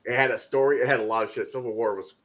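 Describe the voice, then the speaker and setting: A man's voice: mid-range voice, rapid-fire, a loud crowd. A man co-hosting a casual movie podcast, emphatic and swearing freely as he gets worked up. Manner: emphatic, swears a lot, gets loud when excited. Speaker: podcast co-host. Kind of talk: casual chat.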